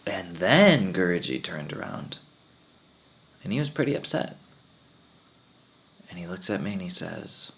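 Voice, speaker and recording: This swami's low voice is very animated, unhurried, and touched with vocal fry, broken up by long pauses. Giving satsang, he tells sincere stories from his life and recites his teacher's words in changed voices.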